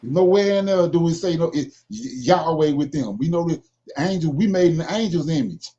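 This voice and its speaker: In this dull lo-fi clip, a man whose dark voice sits on the high side speaks animatedly and a little fast. He's teaching scripture informally, reading passages aloud, stressing his explanations, and tossing in "right?" again and again.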